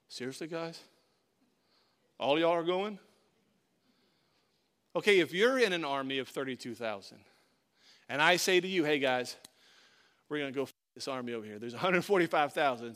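A pastor preaching to his congregation in a high, bright voice. He tells a story with energy and acts out the voices in it. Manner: animated storytelling, acting out voices. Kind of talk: sermon.

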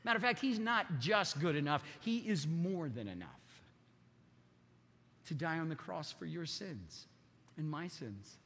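A man's voice: a little high, animated, a little slow, fairly bright tone, slightly rough, big-room sound. A man in his fifties preaching a sermon, emphatic and repetitive. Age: 50s. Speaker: pastor.

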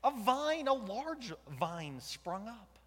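A man playing Jonah, a conflicted and angry prophet, in a dramatic first-person sermon. His delivery swings between loud outbursts and hushed whispers. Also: extremely high pitch, very animated, slow pace, exaggerated voice. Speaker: preacher in dramatic monologue. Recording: long hall reverb.

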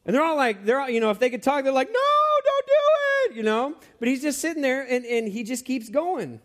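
A man preaching a sermon who tells stories in an animated way, with many fillers and restarts. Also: extremely high pitch, quick pace.

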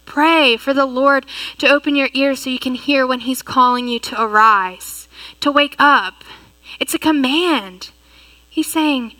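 A young woman giving an earnest, animated personal testimony as a sermon. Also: high-pitched, measured pace, dry recording, rough recording. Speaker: youth leader giving a sermon talk.

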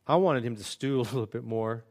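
A man's voice: medium pitch, a little fast, darkish tone. A man preaching a sermon as a pastor, earnest and conversational, with self-deprecating asides.

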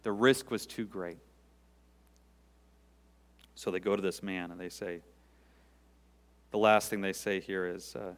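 A male pastor preaching a sermon, swelling loud and high for emphasis, then dropping to quiet, intimate asides. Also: fairly even intonation, unhurried, long pauses. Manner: dynamic preaching, sudden rises in pitch and volume, dropping to quiet asides. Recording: long hall reverb.

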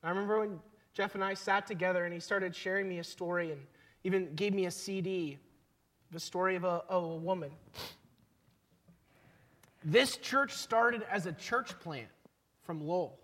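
A man, a pastor, preaching a sermon in a conversational storytelling way, pausing for emphasis. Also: sits high, fairly bright tone.

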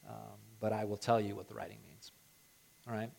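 A man's voice: fairly low pitch, little pitch movement, fairly quick, gravelly, a little mellow, breathy edge. Male preacher, casual sermon delivery that builds to emphatic stress.

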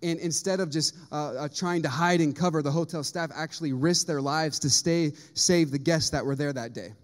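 A man's voice: a little high, normal speed. A man preaching a sermon to his church, earnest and rising to emphatic, repeated appeals. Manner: earnest, building to emphatic peaks with repeated phrases. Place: church sanctuary. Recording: long reverb of a church hall.

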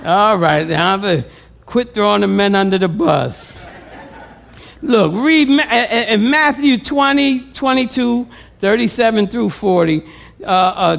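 A man's voice: high-pitched, lively intonation, slow, vocal fry, fairly bright tone. A male pastor preaching a sermon with humor, calling out questions to the congregation.

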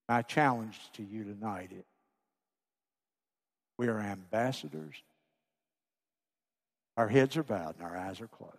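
A pastor preaching a sermon to his congregation, pleading with fervor, then dropping to a hushed voice. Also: lowish voice, unhurried, pauses often. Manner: impassioned, pleading preacher who drops to a hushed voice. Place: church sanctuary. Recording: long hall reverb.

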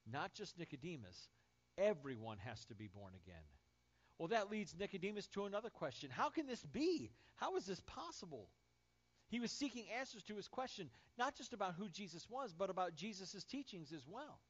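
A man's voice: a little high, big pitch swings, normal speed, muffled recording. A man preaching a sermon as pastor, emphatic and building through repeated phrases.

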